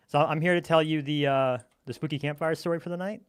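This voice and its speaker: A man's voice: a little high, brisk, clear, resonant tone, dry recording, clean studio sound. Playful man telling a goofy story. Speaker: gamer telling a campfire story. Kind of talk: casual gaming chat.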